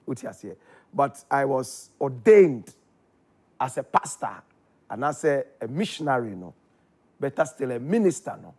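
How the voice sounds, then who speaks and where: Husky Ghanaian man telling a lively story. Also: medium pitch, moderate pace. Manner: animated storytelling, voice leaps up when excited. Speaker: guest. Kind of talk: casual chat.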